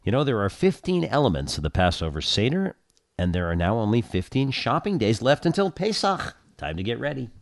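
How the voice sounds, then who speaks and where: A man's voice: medium pitch, very animated, brisk, vocal fry, no room sound, clean studio sound. A man hosting a radio talk show, conversational with playful wordplay.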